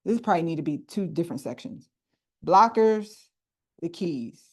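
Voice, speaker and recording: An animated woman leads a group workshop over a video call. She teaches casually and speaks right to her listeners, slipping into slang as she explains. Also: sits low, quick pace, husky. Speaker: coach leading a group workshop.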